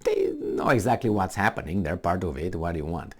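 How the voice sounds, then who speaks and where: A middle-aged man rants in sarcastic commentary, firing off rhetorical questions. His voice swings up and down with a lively, animated pitch while he stays combative from start to finish. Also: a little fast, husky. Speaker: political commentator. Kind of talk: ranting commentary.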